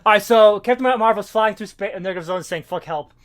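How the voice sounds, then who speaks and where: Fast-talking high-voiced man rambling. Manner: rambling, swears often, many fillers and restarts. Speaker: podcast co-host. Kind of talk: casual comics podcast chat.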